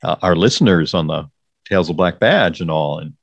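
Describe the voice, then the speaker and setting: A man's voice: low voice, animated, a little fast, creaky, highs cut off. A man co-hosting a casual podcast chat recapping a TV show, agreeable and thoughtful, often affirming his co-host.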